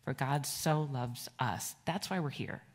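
Woman, middle-aged, pastor, children's sermon, low voice, gentle, conversational. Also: unhurried. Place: church sanctuary.

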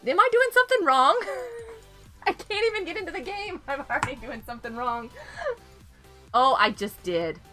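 A woman's voice: sits high, lively intonation, moderate pace, pauses often, music in the background. A young woman live-streaming a game, chatting casually and giggling often as she greets viewers.

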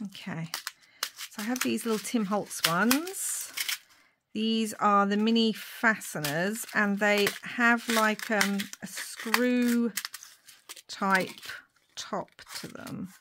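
A woman talks through a crafting tutorial at an easy, unhurried pace. She thinks aloud, fills gaps with little ums, and now and then drops to a soft whisper while she works at her desk at home. Her voice sits at an ordinary, middle pitch. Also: noisy background. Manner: thinks aloud while working, with frequent fillers and asides. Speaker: papercraft vlogger.

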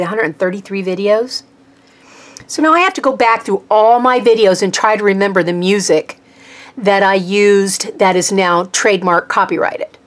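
A woman hosts her own art channel and talks straight to the camera in a casual, unscripted way. She airs a complaint, halting and restarting as she goes, in a voice of ordinary middle pitch. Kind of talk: casual vlog talk to camera.

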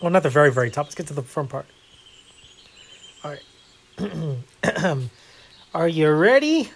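A man's voice: on the high side, animated, normal speed, long pauses. Rambling, easygoing man. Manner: rambling and self-deprecating, with many fillers. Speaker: gaming video host. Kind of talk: casual gameplay chat.

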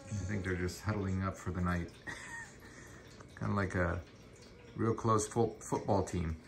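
A dog breeder with a low, gravelly voice speaks slowly, chatting casually for a vlog and talking fondly to his puppies. It's filmed indoors on a handheld camera, and the home video is noisy.

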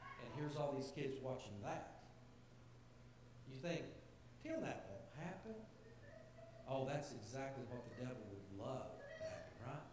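A man's voice: mid-range voice, normal speed. Earnest preaching man in an echoey church. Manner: earnest, conversational preaching with rising emphasis. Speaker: pastor. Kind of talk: sermon to a church gathering. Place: church sanctuary. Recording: very echoey church hall, faint hiss.

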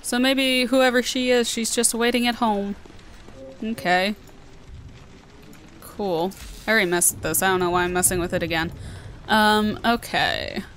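A woman's voice: medium pitch, fairly even intonation, unhurried, pauses often, a bit bright, a little hiss or hum. A woman with a Southern American accent, giving chatty, playful commentary while she plays a video game. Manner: chatty, playful, talking to herself. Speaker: gaming video host. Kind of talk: let's play commentary.

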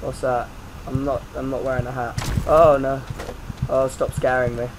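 A man's voice: medium pitch, completely flat delivery, brisk, noisy background. A man giving let's play commentary, jumpy and prone to swearing, yelping and shrieking when startled. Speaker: gaming YouTuber.

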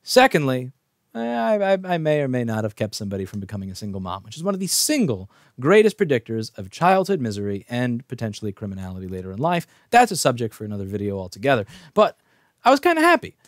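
A man's voice: mid-range voice, sing-song, fast, no room sound, studio quality. A wry, rambling man telling a story. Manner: rambling and wry, with frequent restarts. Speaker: channel host. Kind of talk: casual storytelling monologue.

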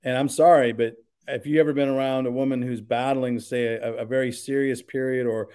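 A man of middling pitch speaks as a pastor in a relaxed podcast chat. He is earnest and emphatic, working his thoughts out aloud as he goes. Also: fairly quick. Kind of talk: casual podcast conversation.

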